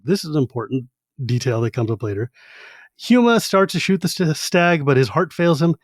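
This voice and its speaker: A man co-hosts a podcast, retelling a novel's chapters with animation and jumping into the characters' voices. His voice sits slightly high and is recorded close and dry, with no room sound. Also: no echo. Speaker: podcast co-host. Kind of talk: casual chat.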